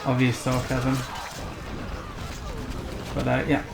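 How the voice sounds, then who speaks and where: A man hosting a gaming channel, giving relaxed, chatty commentary on a computer strategy match. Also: mid-range voice, slow pace, creaky, noisy background. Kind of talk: casual game commentary. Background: game music.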